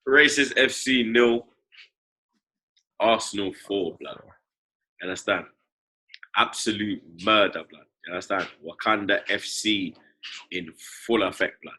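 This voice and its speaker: Bright-voiced slangy London podcast host. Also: male voice, fairly low pitch, unhurried, long pauses, poor audio. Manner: loose slangy banter, tags every phrase with "blood" and "you understand". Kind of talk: casual football podcast chat.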